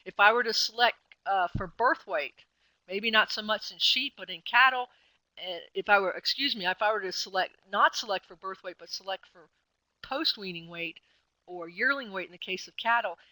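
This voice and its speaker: Speaking at medium pitch, a woman extension specialist gives a webinar lecture in a bright, forward voice. Her explanations are casual, full of fillers and self-corrections. There is no echo, the sound is dry and close, and the audio is poor.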